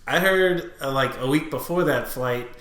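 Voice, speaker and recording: A man's voice: mid-range voice, moderate pace, fairly bright tone. A man co-hosting a comedy podcast, spinning goofy stories and laughing often. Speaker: podcast co-host. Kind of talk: casual comedy chat. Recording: echoey room.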